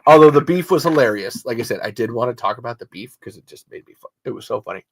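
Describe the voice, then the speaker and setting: A man's voice: mid-range voice, lively intonation, fast, noisy background. A man hosting a podcast solo in loose, rambling casual chat, swearing freely. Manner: rambling, swearing, self-interrupting. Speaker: podcast host.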